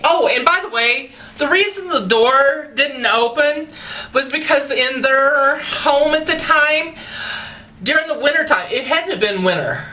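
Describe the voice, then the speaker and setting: Woman in her forties, casual storytelling, bright voice, unhurried, chatty. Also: high-pitched, highs cut off. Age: 40s. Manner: animated, chatty storyteller, addresses viewers directly. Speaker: vlogger.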